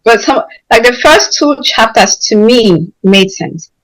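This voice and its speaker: A woman musing slowly in a group podcast chat. She hesitates and thinks out loud. The sound is dry and close. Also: fairly high pitch, expressive, no room sound, poor audio. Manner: slow and hesitant, thinking aloud. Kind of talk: casual group discussion.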